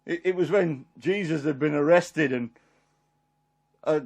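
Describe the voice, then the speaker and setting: A man's voice: on the high side, measured pace, vocal fry, darkish tone. A man playing the apostle Peter, a homely fisherman, in a rambling, chuckling one-man Bible monologue. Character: apostle Peter, middle-aged fisherman, homely and warm-hearted. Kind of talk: dramatic character monologue.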